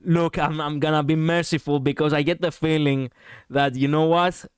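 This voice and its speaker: A man streaming a game, commenting casually in an excitable, profane, ranting way on a close mic. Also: fairly high pitch, normal speed, clear, resonant tone, no echo.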